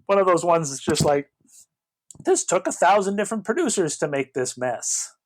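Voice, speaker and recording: A man's voice: high voice, big pitch swings, moderate pace, a little hiss or hum, rough recording. A man co-hosting a casual film-review chat, rambling with restarts and asides. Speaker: podcast co-host.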